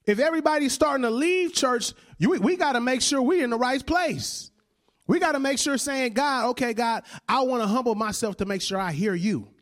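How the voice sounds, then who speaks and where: A male preacher in his thirties delivers a conversational sermon, often checking in with "right?" and laughing with the congregation. His very high-pitched voice is brisk and fairly bright.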